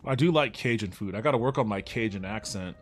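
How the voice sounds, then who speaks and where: A man's voice: on the low side, quick pace, a little hiss or hum. A man giving casual, rambling gameplay commentary, joking around and swearing when frustrated. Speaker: let's play host.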